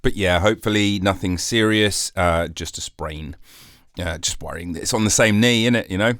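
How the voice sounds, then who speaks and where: A man's voice: sits low, moderate pace, a bit bright, no echo, clean studio sound. A British man hosting his own podcast, rambling through a jokey, sarcastic solo monologue. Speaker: podcast host.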